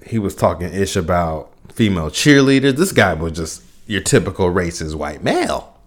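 A man's voice: low-pitched, big pitch swings, moderate pace. A young man hosting a solo podcast, ranting with profanity, frequent restarts and bursts of laughter. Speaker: podcast host.

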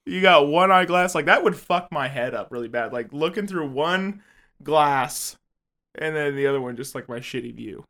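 A young man chatting on a podcast, his voice sitting a little high and bouncing all over the place. He jokes crudely, laughs a lot and keeps it loose and casual. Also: animated, moderate pace, sharp tone. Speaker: podcast co-host. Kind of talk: casual chat.

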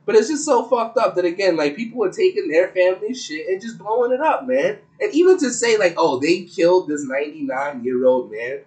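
A man in casual co-host chat with a swooping, very lively voice. He talks loud, profane and joking throughout. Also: high voice, brisk, few pauses, poor audio.

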